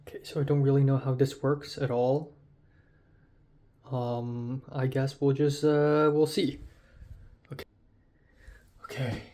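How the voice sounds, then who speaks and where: Young man murmuring slowly at night. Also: mid-range voice, flat delivery, noisy background. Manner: quiet, rambling, chuckling to himself. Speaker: vlogger. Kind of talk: casual self-filmed vlog. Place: empty city street at night.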